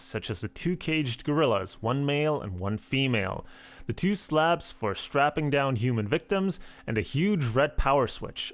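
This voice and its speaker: A man hosting a let's play of a text game, reading the game text aloud and adding wry asides. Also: medium pitch.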